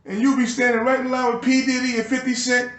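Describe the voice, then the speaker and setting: A man's voice: very high voice, flat delivery, quick pace, fairly bright tone, reverberant. A man delivering a profane, agitated and bitter ranting monologue to his video channel. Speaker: YouTuber.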